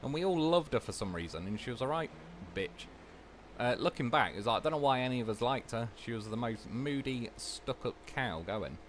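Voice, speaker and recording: A man's voice: mid-range voice, expressive, brisk, slight background noise. A young man livestreaming a game, chatting casually and rambling through anecdotes, swearing freely. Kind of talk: casual chat while gaming.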